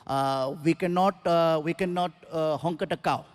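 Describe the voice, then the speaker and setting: A man voicing a calm, polite taxi driver who speaks slowly and hesitantly, in a comedy routine. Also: a little high, clean tone, pitched below the performer's own voice, lightly acted. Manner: slow, hesitant, with filler sounds.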